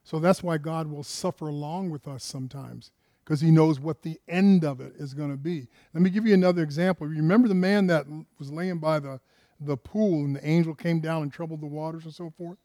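A man's voice: on the high side, a little fast, dark tone, no echo, studio quality. A man preaching a conversational sermon, firing rhetorical questions at his listeners and often repeating words and restarting phrases.

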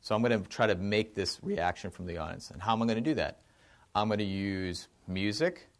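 Man with a gravelly low voice. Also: a little fast. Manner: animated, thinks aloud with frequent restarts. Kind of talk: informal film discussion.

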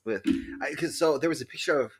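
Animated swearing podcast co-host man. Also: on the high side, fast, a little hiss or hum. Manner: animated storytelling, swears freely. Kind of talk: casual chat.

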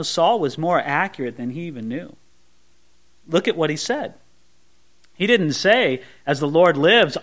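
Male pastor, expository sermon, high voice with wide swings between hushed asides and emphatic peaks. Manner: voices imagined sweet prayers mockingly.

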